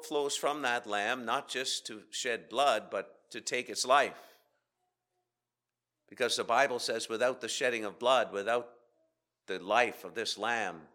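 A man preaching a sermon with rhetorical questions and dramatic pauses, swinging between loud emphasis and hushed asides. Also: a little high. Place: church.

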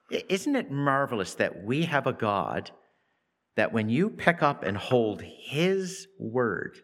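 A man giving devotional Bible teaching, reading scripture with lifted emphasis and talking reflectively with halting repeats. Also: medium pitch, a bit bright. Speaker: preacher.

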